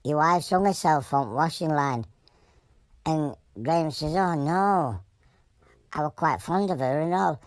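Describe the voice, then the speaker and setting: A woman with a broad Yorkshire accent voicing an animal who tells jokes in a deadpan, rambling way. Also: low voice, measured pace, dry recording. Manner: deadpan, rambling joke-telling in broad dialect.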